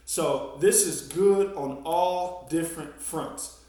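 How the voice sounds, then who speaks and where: A man's voice: on the high side, slow pace, background noise. A man teaching an elementary PE class, coaching a workout and counting down intervals, a little out of breath. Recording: echoey room, mic at a distance.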